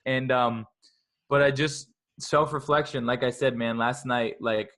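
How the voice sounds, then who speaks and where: A man's voice: medium pitch, measured pace. A young man in his twenties chatting as an interview guest. He rambles with lots of "like," jumping between thoughts with restless energy. Now and then he slips into a scolding inner voice. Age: 20s. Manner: energetic, rambling, heavy use of "like"; self-talk in a scolding inner voice. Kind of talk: casual podcast conversation.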